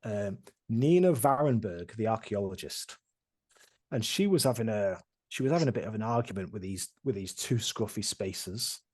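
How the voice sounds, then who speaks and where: A man's voice: fairly low pitch, expressive, normal speed, darkish tone. A man running a tabletop game, recapping past sessions in a rambling, casual way with many restarts. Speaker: game master.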